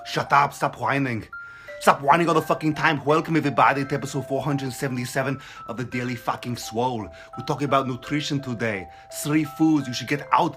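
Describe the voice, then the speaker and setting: Male fitness vlogger, loud profane hype man, punchy tense tone. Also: mid-range voice, a little fast, soft background music. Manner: profane, mocking, hyped-up. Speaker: fitness vlog host. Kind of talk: brash motivational rant.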